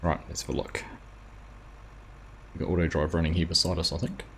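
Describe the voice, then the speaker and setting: Brief: New male streamer, deep voice, easygoing live commentary, faint hiss underneath. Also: fairly quick, creaky. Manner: chatty, greets viewers by name, relaxed. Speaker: streamer, host of a live farming game stream. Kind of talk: casual live-stream commentary while playing.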